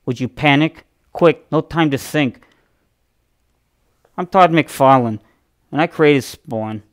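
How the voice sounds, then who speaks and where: A man's voice: a little high, slow pace. A man voicing an awkward, lisping male comic creator who hosts dramatic intros with urgent rhetorical questions. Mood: melodramatic. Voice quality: lisp. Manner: melodramatic announcer cadence with urgent rhetorical questions. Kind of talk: mock TV-intro impression.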